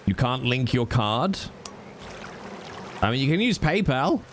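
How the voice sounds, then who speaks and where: Brief: male streamer, unhurried delivery but big swings in pitch, teasing and mock-exasperated, faint music behind. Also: sing-song, slight background noise. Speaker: livestreamer. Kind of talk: casual chat with stream viewers.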